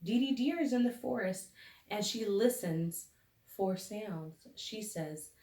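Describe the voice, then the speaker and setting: A woman teacher leading a phonics lesson for young children, sounding out each letter slowly and deliberately. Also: mid-range voice, lively intonation, mellow. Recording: echoey room, recorded from a distance.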